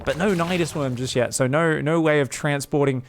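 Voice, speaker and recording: Excitable profane male esports caster. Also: on the high side, normal speed. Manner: excitable, profane, joking asides, laughs often. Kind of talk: solo game commentary.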